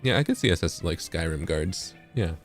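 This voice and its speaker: A man's voice: deep voice, animated, moderate pace, faint music behind. A man from Canada chatting casually and teasingly while playing a game with a friend. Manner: easygoing, playful teasing. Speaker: co-player. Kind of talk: casual gaming chat.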